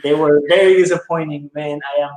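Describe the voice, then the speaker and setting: A man's voice: on the high side, steady tone, a little fast, reverberant, low-quality recording. A man co-hosting a casual livestream interview, teasing and easygoing as he asks questions. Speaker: co-host.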